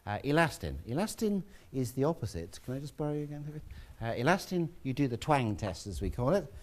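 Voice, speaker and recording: A man giving a relaxed, chatty classroom lecture, with asides to students. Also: medium pitch, quick pace.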